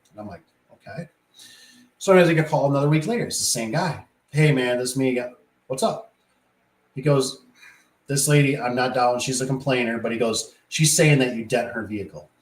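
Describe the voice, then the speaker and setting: A man who installs garage doors, telling work stories in a casual, rambling way and acting out the voices in them. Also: medium pitch. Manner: rambling, animated, acts out quoted voices. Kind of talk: casual storytelling monologue. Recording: echoey room.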